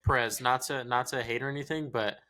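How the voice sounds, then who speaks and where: Man, podcast co-host, rapid, swearing freely, acts out quotes. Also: mid-range voice. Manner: profane, animated storytelling with acted-out quotes. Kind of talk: casual chat.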